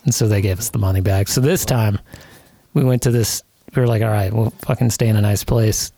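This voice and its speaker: A man's voice: fairly low pitch, fairly even intonation, fairly quick, gravelly, dark tone, dry recording. A man co-hosting a podcast who tells a story in casual chat, swearing often and laughing as he goes. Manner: profane, laughing while telling a story. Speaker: podcast co-host. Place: podcast studio.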